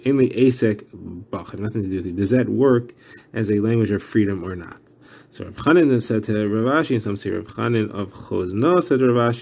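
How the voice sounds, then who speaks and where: A man's voice: on the low side, warm tone. A man explaining a daily Talmud page, working steadily through Hebrew and Aramaic terms. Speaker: Talmud teacher.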